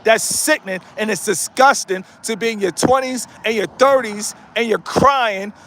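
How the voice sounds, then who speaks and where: On his live stream, an American man in his late thirties walks outdoors among houses and passing cars, repeatedly and bluntly urging his audience to toughen up. The YouTuber's voice is high and fairly bright, delivered at a normal speed with slight background noise.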